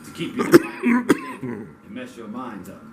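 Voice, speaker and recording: A man giving a blunt, profane community talk that swings into loud, angry outbursts. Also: medium pitch, huge pitch swings, measured pace, vocal fry. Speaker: community speaker. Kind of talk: impassioned street talk. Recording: echoey, distant mic with noise.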